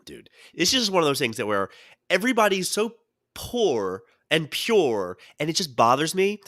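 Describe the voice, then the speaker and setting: A man co-hosting a podcast talks in a bright, forward voice that swings widely up and down as he tells his stories. He chats casually into a close mic in a dry room, and he jumps in and out of quoted voices as he goes. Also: on the high side, normal speed, no room sound. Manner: animated storyteller who jumps into quoted voices. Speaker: podcast co-host.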